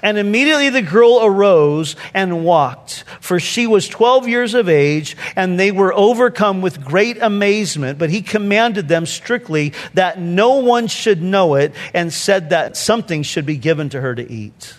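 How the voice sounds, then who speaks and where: High-voiced man preaching in a reverberant hall. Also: lively intonation. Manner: preaching, shifting from soft hushed lines to quick asides. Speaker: pastor. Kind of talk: sermon. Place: church sanctuary.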